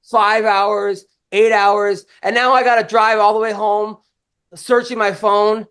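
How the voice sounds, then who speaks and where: A man's voice: high voice, flat delivery, a little slow, a bit bright, smooth. A man hosting a podcast, telling stories in casual chat with constant swearing, restarts and rambling. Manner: profane, rambling storytelling with many restarts. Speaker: podcast host.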